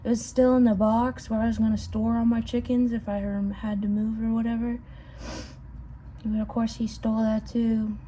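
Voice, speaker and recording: A young woman vlogging casually outdoors, rambling and excitable, swearing casually and calling her viewers bro. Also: a little high, normal speed, a little hiss or hum. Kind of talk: casual vlog talk to viewers. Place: outdoors at home.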